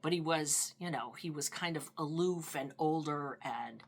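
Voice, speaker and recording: An older woman speaking softly and heartfelt in a documentary interview, a little teary as she recalls family memories. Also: sits low, unhurried, slightly rough. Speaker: interviewee, niece of a veteran. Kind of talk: documentary interview, reflective recollection.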